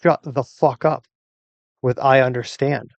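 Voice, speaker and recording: Brief: furious man hurling profane insults, dry close sound, mid-pitched. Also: fairly even intonation, a little slow, creaky, no room sound, dull audio. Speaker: user arguing with an AI assistant. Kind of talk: angry rant.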